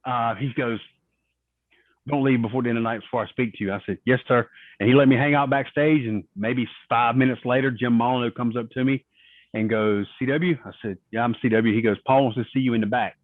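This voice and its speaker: This podcast guest, a retired wrestler, has a steady, mid-range voice and a brisk pace. In a laid-back interview he recounts long stories, voicing the people he quotes, all captured on a dry, phone-like, tinny line.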